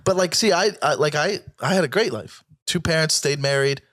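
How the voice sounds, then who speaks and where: A man with a voice a little higher than most men's, talking casually as a comedian guest. He tells rambling, profane stories and keeps cutting himself off. The sound is dry and close. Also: fairly quick, a bit bright, no echo. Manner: rambling, profane, self-interrupting storytelling. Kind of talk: casual podcast chat.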